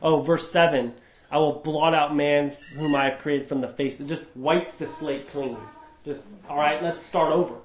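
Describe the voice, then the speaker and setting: A man's voice: on the high side, fairly even intonation, moderate pace. A man teaching a group Bible study, emphatic and explanatory, often asking rhetorical questions. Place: indoor room with a group. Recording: echoey room.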